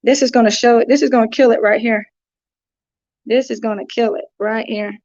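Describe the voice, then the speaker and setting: Flat-voiced woman hosting a livestream. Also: a little high, a little fast, dry recording, muffled recording. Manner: distracted, talking while working her phone. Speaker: livestream host. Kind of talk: casual livestream chat.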